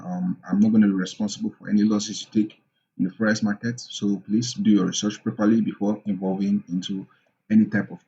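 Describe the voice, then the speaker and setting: A man's voice: on the low side, dark tone, lo-fi sound. A young man, possibly, giving a casual trading tutorial, full of ums and quiz-style questions he answers himself. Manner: asks rhetorical questions and answers them, many ums. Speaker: forex trading teacher. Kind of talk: casual screen-share tutorial.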